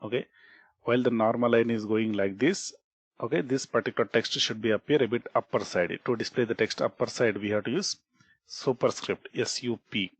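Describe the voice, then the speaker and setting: A programming instructor with an Indian English accent speaks fairly fast in a slightly rough, medium-pitched voice with no room sound. In this screen-recorded coding tutorial he repeats key points, restarts words, and keeps asking "okay" and "right?"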